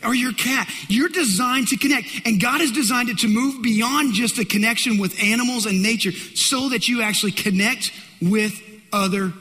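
A man's voice: high voice, sharp tone. A middle-aged man preaching a sermon as a pastor, telling stories animatedly and with humor. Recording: long hall reverb.

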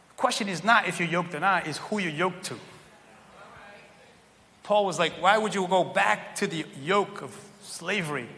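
A man preaching a sermon in a church, animated and joking, pulling the crowd in with questions. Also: high-pitched, normal speed. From Cape Verdean heritage. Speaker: pastor. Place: large church hall. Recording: long church hall reverb, faint room noise.

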